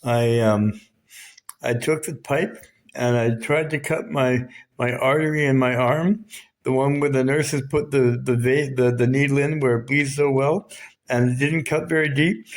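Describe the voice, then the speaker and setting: A man's voice: medium pitch, steady tone, normal speed. A man with a Canadian accent telling his own story in a raw, emotionally charged, profane way. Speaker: vlogger. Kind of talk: personal storytelling.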